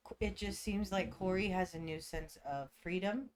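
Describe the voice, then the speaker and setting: A woman's voice: on the low side, moderate pace, a little hiss or hum. Emphatic woman in casual chat. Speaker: podcast co-host.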